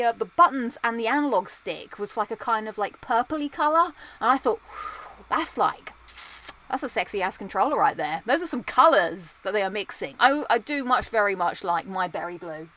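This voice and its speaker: Streaming a casual chat, a young woman speaks at medium pitch with a fairly bright tone. She teases herself playfully, rambling, restarting, piling on fillers and often cracking up at herself.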